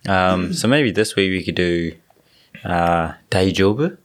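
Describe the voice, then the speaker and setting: Deep-voiced easygoing podcast host man. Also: slow. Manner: relaxed, easygoing, many fillers. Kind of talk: casual chat.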